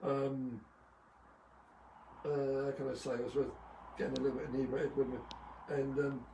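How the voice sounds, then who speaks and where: A man's voice: mid-range voice, little pitch movement, normal speed, gravelly, dark tone. A man, a former motocross champion, telling rambling anecdotes full of fillers and chuckles on a live video call. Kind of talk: casual storytelling. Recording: echoey room, distant mic, faint noise.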